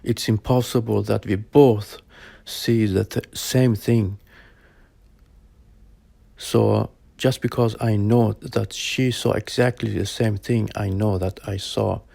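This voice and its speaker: A man in his forties recounts a personal experience slowly and haltingly, pausing often. His low voice is heavily gravelly, dark and husky. He keeps his phrasing plain and simple. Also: level tone, no echo. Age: 40s. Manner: halting, plain phrasing with frequent pauses and fillers. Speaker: storyteller sharing a personal experience. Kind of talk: personal spoken account.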